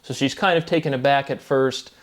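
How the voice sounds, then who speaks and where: A man's voice: medium pitch, fairly quick. A man in his thirties giving a casual, rambling movie review with many fillers and self-corrections. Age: 30s.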